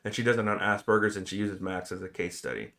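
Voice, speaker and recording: A man casually retelling a film's plot on a podcast, animated and joking. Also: lowish voice, vocal fry. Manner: animated retelling, quick jokes. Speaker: podcast host. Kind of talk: casual movie discussion.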